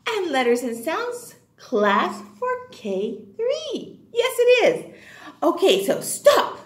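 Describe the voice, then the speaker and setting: A woman's voice: on the high side, roomy sound. A woman teaching a phonics class to young children, talking in an exaggerated, enthusiastic sing-song and leading chants. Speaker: kindergarten teacher.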